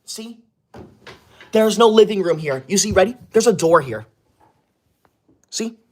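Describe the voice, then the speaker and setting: A man playing a prickly young male livestreamer, forever offended and scolding his chat in a hushed, held-back voice. His pitch bounces all over, rising and dipping with every indignant turn. It plays as a comedy skit of a live stream. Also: lively intonation, measured pace. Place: indoor room upstairs, away from home.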